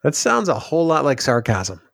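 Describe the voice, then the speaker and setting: Man, podcast co-host, casual chat, sardonic, mid pitch, dry close sound. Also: sing-song, moderate pace, gravelly, a bit bright, no room sound.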